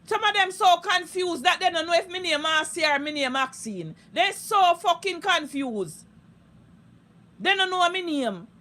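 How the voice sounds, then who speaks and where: Jamaican woman with a high, piercing voice, ranting live in thick Patois, heated and foul-mouthed. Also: animated, unhurried, pushed and bright. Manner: heated, profane, repetitive ranting. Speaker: social media live streamer. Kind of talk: unscripted live-stream rant.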